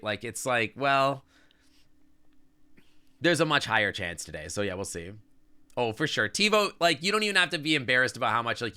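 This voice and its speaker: A man's voice: mid-range voice, bright, forceful tone, smooth. A man streaming live, chatting casually and sentimentally to his chat, rambling with lots of "like" and "I don't know". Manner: reads and answers chat as he talks.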